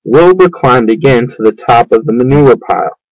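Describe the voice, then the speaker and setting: A man reading a children's book aloud, in an unhurried, measured way. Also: mid-range voice, animated, a little mellow, no echo, highs cut off. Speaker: storyteller.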